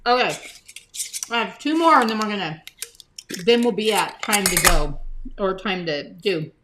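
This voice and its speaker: A woman's voice: mid-range voice, lively intonation, moderate pace, heavy background noise. A woman hosting a casual live stream, chatting to viewers by name as she holds items up to the camera, sometimes talking with her mouth full.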